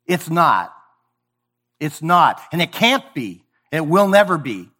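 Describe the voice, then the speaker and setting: A man preaching a sermon, emphatic and sometimes sarcastic, swinging from booming lines to hushed ones. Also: very animated, a little slow. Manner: sarcastic mock praise.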